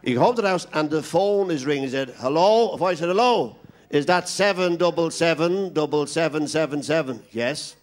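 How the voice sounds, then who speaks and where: Irish male stand-up comic with a rambling joke-telling manner and a voice a touch on the high side. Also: brisk, few pauses. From Ireland. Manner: rambling joke teller, playing all the characters himself. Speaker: stand-up comedian.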